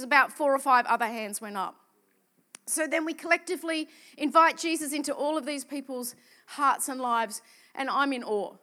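A woman evangelist preaching from the pulpit, telling her story with animated emphasis. Her voice sits high and comes across bright and forceful. She pushes key phrases hard, building to passionate calls. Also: normal speed. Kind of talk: sermon testimony.

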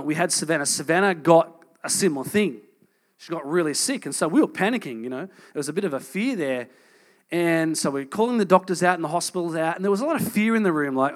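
A man in his thirties preaching a sermon as a pastor, in a conversational, earnest way, moving from emphatic points to soft, intimate passages. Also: fairly high pitch.

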